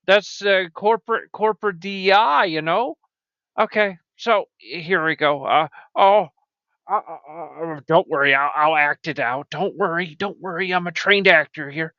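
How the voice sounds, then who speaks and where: A man hosting a comedy show who rambles, stammers and jumps into high-pitched exclaims. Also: moderate pace, pushed and bright, no room sound. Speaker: show host. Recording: dry, dull lo-fi mic.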